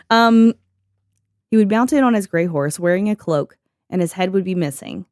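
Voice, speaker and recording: A woman's voice: mid-range voice, lively intonation, normal speed, pauses often, darkish tone, dry recording, studio quality. A young woman co-hosting a podcast in a casual, joking way, reading from notes and laughing often. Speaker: podcast co-host.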